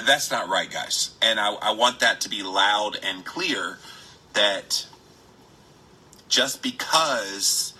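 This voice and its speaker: A man hosting a live stream, chatting with viewers, greeting them by name and stressing words with drawn-out emphasis. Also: fairly low pitch, bright, forceful tone, breathy edge, low-quality recording. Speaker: health podcaster.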